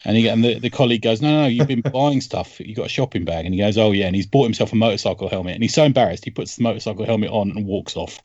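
A man talking comics on a podcast, retelling strips with bursts of laughter and put-on voices for the characters. His voice sits low and is recorded dry and a little dull. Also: rapid-fire, hardly any pauses, dry recording. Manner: animated storytelling, laughs often, acts out quoted lines. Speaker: podcast host. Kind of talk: casual comics chat.

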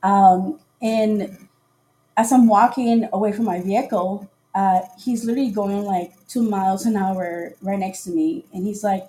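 On a casual live podcast, a woman at medium pitch takes her time telling a dating story. She's animated throughout, often laughing and acting out the dialogue.

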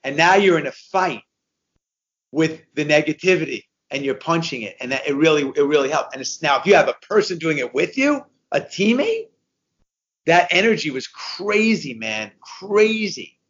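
A man of fifty-one, a guest telling a race story in casual conversation, animated and repeating himself as he goes. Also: a little high, moderate pace, muffled recording. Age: 50s. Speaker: guest, endurance racer.

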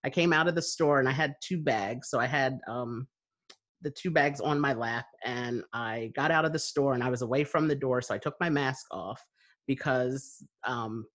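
A woman's voice: very deep voice, moderate pace. Storytelling woman in casual chat. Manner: storytelling, laughs often, animated quoting.

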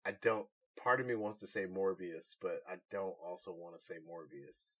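A man co-hosting a podcast in casual chat, animated and laughing often. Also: sits low, moderate pace, slightly rough. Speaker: podcast co-host.

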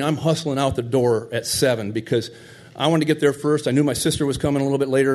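A man's voice: medium pitch, darkish tone. A middle-aged man telling a heartfelt personal story in a conversational, tender way.

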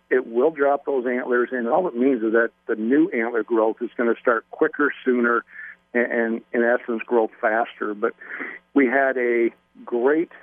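A man speaks in a folksy, measured way, stopping for ums as he explains. His voice comes through a thin, tinny phone line. The sound is dry and close. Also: medium pitch, no room sound. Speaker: radio show guest, deer expert. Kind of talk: casual radio interview.

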